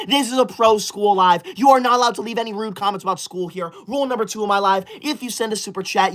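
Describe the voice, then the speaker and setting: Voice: medium pitch, fairly bright tone, lightly acted. Someone playing a prim, bossy school-obsessed streamer. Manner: indignant, scolding, self-important. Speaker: livestream host reading super chats. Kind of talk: comedic character livestream.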